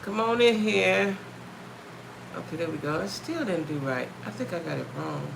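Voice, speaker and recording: A woman's voice: lowish voice, expressive, moderate pace, gravelly, noisy background. A woman hosting a casual live stream from home, chatting with viewers, greeting them by name and repeating herself a lot. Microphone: phone or webcam.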